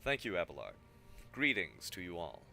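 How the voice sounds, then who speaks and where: Streamer, male, low and forceful voice, reads game text aloud, stumbles now and then. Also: huge pitch swings, normal speed, vocal fry. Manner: stumbles over words, adds asides. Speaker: streamer reading game dialogue.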